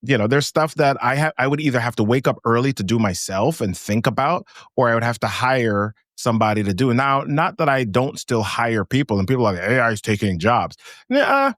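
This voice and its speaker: A man talking as a guest on a business podcast, animated and laughing often as he tells stories. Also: mid-range voice, brisk, few pauses, no room sound, clean studio sound. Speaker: guest speaker. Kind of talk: casual podcast chat.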